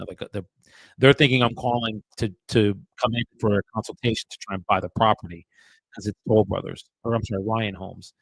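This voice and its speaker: A man with a low, gravelly voice talks his viewers through his phone calls on a live stream. He is chatty and offhand and often mutters asides under his breath. The sound is dry and close, with no room around it. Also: dry recording. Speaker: real estate agent. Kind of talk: live-streamed cold calling with commentary.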